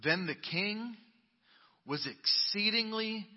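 A man preaches from the pulpit in a slightly high voice, reading scripture with dramatic swings from booming lines to hushed asides. His voice rings through a long church reverb. The sound is a bit dull and muffled. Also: lively intonation, slow pace. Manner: dramatic Bible reading with sudden loud and quiet turns. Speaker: pastor. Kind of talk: sermon. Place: church sanctuary.

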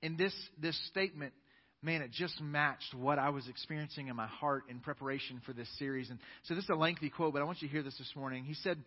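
A man's voice: fairly high pitch, quick pace. A man preaching a sermon as pastor in a church sanctuary, earnest and emphatic, building his points up with force. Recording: dull sound with long church-hall reverb.

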